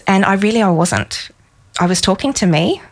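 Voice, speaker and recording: A woman in her thirties, a psychologist guest on a podcast, telling a personal story warmly and with emotion. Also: mid-range voice, lively intonation, normal speed. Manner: warm storytelling, emotional in places.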